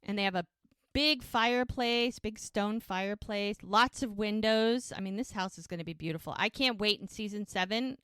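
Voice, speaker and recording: A woman's voice: medium pitch, moderate pace, fairly bright tone, clear, resonant tone, no room sound. A woman co-hosting a podcast, casually retelling TV scenes and quoting the characters' lines. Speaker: podcast co-host recapping episodes. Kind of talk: casual recap chat.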